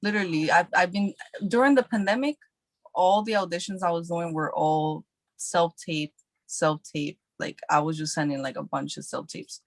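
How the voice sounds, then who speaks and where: A woman's voice: fairly low pitch, normal speed, dry recording. A woman actress talking casually as a podcast guest, chatty and repeating herself with lots of fillers. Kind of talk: casual interview chat.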